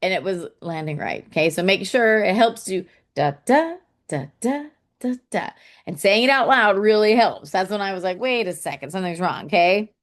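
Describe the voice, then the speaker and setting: A woman's voice: mid-range voice, expressive, brisk, hardly any pauses. A woman teaching a casual online poetry lesson, chatty and thinking aloud, saying "okay" often and tapping out syllables and stresses.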